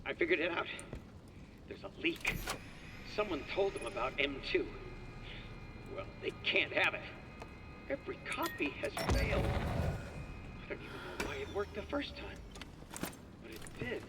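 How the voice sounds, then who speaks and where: A man's voice: fairly high pitch, very animated, measured pace, pauses often. An actor playing a weary male scientist, muttering a grim project update on a recorded log. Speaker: game character on a recording. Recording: distant in-game audio log with echo and noise.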